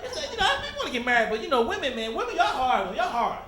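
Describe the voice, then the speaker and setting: High-voiced, animated male stand-up comic. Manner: animated, teasing the crowd, jumps into quick character voices. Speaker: stand-up comedian. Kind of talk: stand-up comedy routine. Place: comedy club stage before a live audience. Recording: echoey club with crowd laughter.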